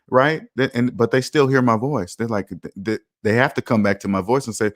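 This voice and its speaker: A finance channel host with a mid-range voice talks at a moderate pace with few pauses, using a streaming mic. Confident and forceful, he reacts casually to viewer comments as his volume rises and falls dramatically.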